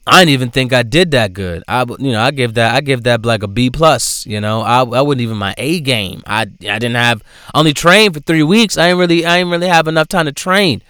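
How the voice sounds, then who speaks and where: A man's voice: medium pitch, brisk, sharp tone, smooth, no room sound, clean studio sound, natural voice. A man doing a nonchalant young athlete. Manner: casual, nonchalant. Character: laid-back young woman athlete, shrugging it off.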